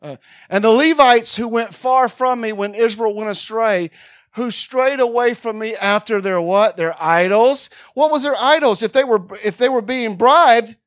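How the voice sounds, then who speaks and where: A woman preaching a sermon with fervor, swinging between loud shouts and quiet asides. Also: fairly high pitch, normal speed, dry recording, clean studio sound.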